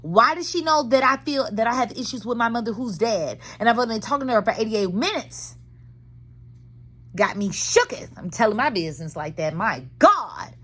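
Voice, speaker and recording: A woman in her thirties, chatting in a casual vlog from her car. She tells her story candidly and dramatically, heavy on slang. Her voice sits a little high and swoops up and down a lot. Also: animated, fairly quick, a bit bright. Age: 30s. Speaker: vlogger. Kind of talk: casual chat.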